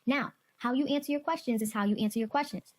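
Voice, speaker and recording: A woman's voice: a little high, fast talker. Firm, insistent woman prosecutor. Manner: firm, insistent, repeats points. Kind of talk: courtroom exchange with a witness.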